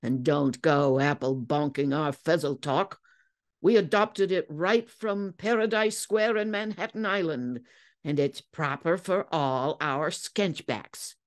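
A woman's voice: deep voice, takes it slowly. A woman voicing a cocky, defiant young man in a dramatic story reading. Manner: swaggering, defiant.

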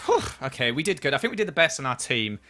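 A man's voice: mid-range voice, very animated, fast, sharp tone. A man chatting through a live game stream, criticizing his own play and flaring up at near misses. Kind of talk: live gameplay commentary.

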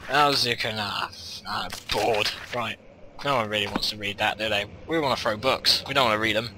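A man's voice: on the low side, normal speed, noisy background. A young man commentating his gameplay, rambling and self-mocking, often muttering half to himself. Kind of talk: let's-play commentary. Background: game music.

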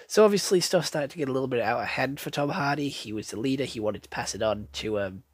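A man's voice: medium pitch, fast, slightly rough, no room sound. A man giving a casual, rambling film review, blunt and sweary, full of fillers.

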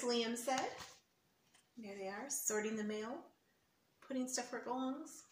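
A woman's voice: on the high side, measured pace. A woman reading a picture book aloud to children, explaining words and pointing at the pictures, in an echoey room with faint hiss. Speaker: storyteller for children.

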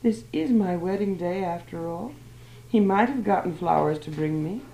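An anxious young bride-to-be, searching for her fiancé, pleads in a low, gravelly voice, as a woman reads her lines. Her words come out urgent and eager, captured on a roomy old archive recording. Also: normal speed, warm tone.

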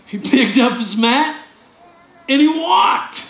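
Animated high-voiced man preaching in church. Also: takes it slowly. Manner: animated, jokey preaching with sudden loud outbursts. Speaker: pastor. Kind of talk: sermon. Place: church sanctuary. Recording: echoey church room with faint ambience.

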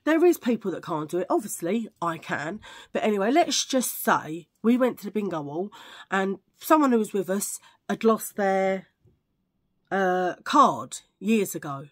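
A woman's voice: mid-range voice, sing-song, measured pace. A woman chatting casually to camera, rambling from one tangent to the next. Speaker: vlogger. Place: at home filming under a ring light.

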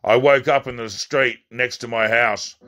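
Man, author reading his own story, bright tense tone, faint background music, slips and restarts. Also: medium pitch, steady tone, measured pace. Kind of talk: first-person story reading.

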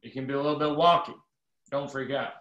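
A middle-aged man reading a funny personal story aloud from his book at a virtual event, with quick self-correcting asides. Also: medium pitch, steady tone, fairly bright tone, echoey room, highs cut off, a little hiss or hum.

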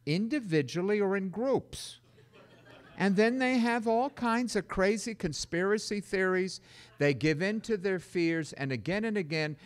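An older man preaching a sermon in an animated way, slipping into loud mock-panicked voices. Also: on the high side. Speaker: pastor.

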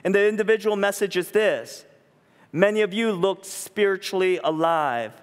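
A man's voice: sits high, expressive, normal speed, smooth. Man preaching in a reverberant hall. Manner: conversational preaching, tag questions, acted-out quotes. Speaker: pastor. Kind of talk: sermon. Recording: long reverb of a church hall.

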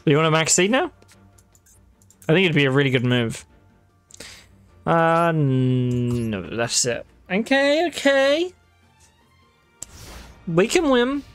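Male gaming creator, casual and dry, swears easily, voice sits a bit high. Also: big pitch swings, slow pace, long pauses, clear, resonant tone, soft background music. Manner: wry, swears freely, talks to viewers. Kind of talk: casual gameplay commentary.

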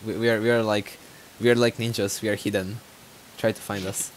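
Joking, crude Croatian-born stream host. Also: male voice, lowish voice, flat delivery, fairly quick, a little hiss or hum, low-quality recording. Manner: crude, joking, laughs often. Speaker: livestream host. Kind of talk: casual livestream banter.

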